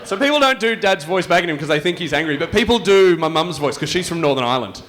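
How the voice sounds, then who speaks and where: A man's voice: fairly high pitch, animated, fast, fairly bright tone. A man performing a brash, swearing stand-up set with crowd work on a comedy club stage.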